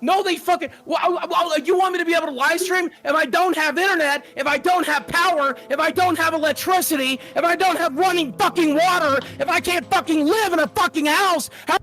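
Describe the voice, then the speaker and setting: A middle-aged man shouting and swearing nonstop in a heated livestream argument. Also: extremely high pitch, a little fast, few pauses. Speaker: livestream show member.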